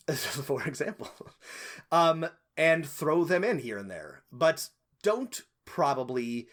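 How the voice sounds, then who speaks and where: A man's voice: on the high side, sing-song, slow, a bit bright. A man co-hosting a casual podcast, giving game master advice in a rambling, thinking-aloud way with lots of fillers.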